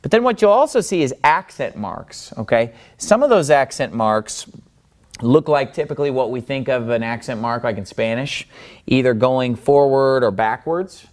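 A man teaching a lesson at a board, in a voice that sits in the middle range. He explains step by step, stops often to check with the listener, and slows down to stress each syllable when he shows how a word sounds. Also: medium pitch, expressive. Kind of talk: Bible-language lesson at a board.

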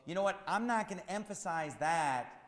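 Male pastor, lively swooping preaching voice, big hall sound. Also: sits high, moderate pace. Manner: preaching with rising shouts and emphatic repetition. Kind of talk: sermon.

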